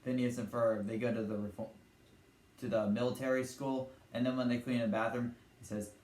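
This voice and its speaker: A man's voice: medium pitch, little pitch movement, a little fast, a little mellow. A young man hosting a casual vlog. He rambles and wanders between topics, retelling cartoon scenes and briefly putting on character voices. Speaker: channel host. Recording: echoey room with faint ambient noise.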